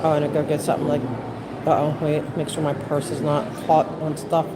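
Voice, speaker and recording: A woman's voice: low voice, monotone, a little fast, heavy background noise. A woman livestreaming from a phone in an indoor public space, chatting in a rambling way and reading viewer comments aloud. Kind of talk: casual livestream chat. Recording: loud crowd chatter behind. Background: loud crowd chatter.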